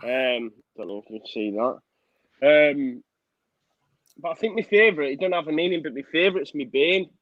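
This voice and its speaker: A relaxed young man chatting like he's among mates, quick to laugh and easy in his delivery. His voice comes through dry and a little muffled, as if over a modest mic with the top end dulled. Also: a little high, no echo. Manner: laid-back and matey, laughs often. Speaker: co-host of a football fan channel. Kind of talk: casual chat.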